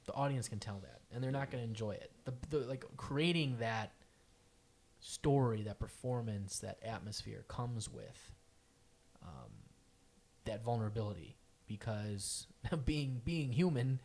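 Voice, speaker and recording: A man hosting a casual podcast, talking in a loose, profane, animated way. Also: medium pitch, measured pace. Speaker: podcast host.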